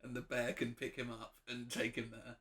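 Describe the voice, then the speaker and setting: Man, casual chat, enthusiastic, bright tone. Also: mid-range voice. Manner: enthusiastic, quick bursts of excitement. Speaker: podcast co-host.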